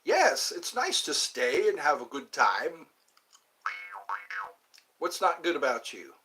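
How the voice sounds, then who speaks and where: A man hosting a casual livestream, rambling and answering viewer comments with halting fillers. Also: on the high side, very animated, sharp tone, slight background noise. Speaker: livestream host. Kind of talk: casual live chat with viewers.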